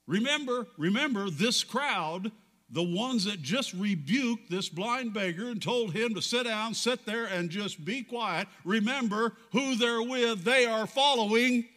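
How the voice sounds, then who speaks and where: Pastor guy preaching, bright high voice, big swings loud to hushed. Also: unhurried, big-room sound. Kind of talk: sermon.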